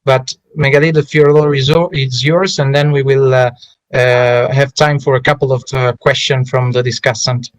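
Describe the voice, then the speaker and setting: A man moderating an online panel, halting and apologetic, with many fillers. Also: mid-range voice, flat delivery, no room sound, poor audio.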